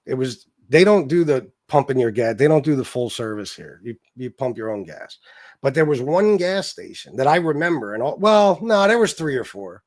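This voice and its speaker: A man's voice: mid-range voice, dry recording, clean studio sound. A man hosting a livestream, ranting bluntly with lots of swearing and rambling asides. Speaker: livestream host. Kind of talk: casual livestream rant.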